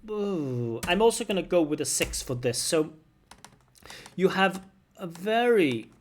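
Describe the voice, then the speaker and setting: A man's voice: high-pitched, big pitch swings, a little slow. Conversational male language examiner. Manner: conversational, explains step by step and repeats phrases. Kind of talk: spoken exam feedback lesson.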